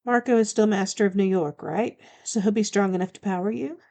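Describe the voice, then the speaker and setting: A woman's voice: mid-range voice, fairly quick, mellow, close to an everyday voice. Woman reading a defensive baby vampire woman. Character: young-looking woman vampire, defensive and proud.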